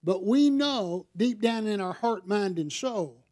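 A man's voice: high voice, expressive, takes it slowly, darkish tone. A middle-aged male pastor preaching a sermon in a conversational way, often asking the congregation rhetorical questions.

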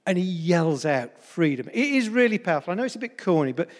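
A male pastor with a high, fast voice and big swings in pitch preaches to a congregation in a church hall. He's chatty and humorous, often speaking to them directly, and the hall's long reverb colors the recording.

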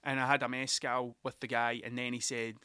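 A man's voice: medium pitch, flat delivery, fairly quick, sharp tone, clear, resonant tone, dry recording, studio quality. A Scottish man, a musician, telling rambling, sweary stories about gigs in a casual monologue, often laughing at himself.

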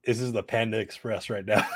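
A man's voice: medium pitch, fairly bright tone, slightly rough, dry recording. A man co-hosting a casual podcast, eager and swearing casually. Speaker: podcast co-host.

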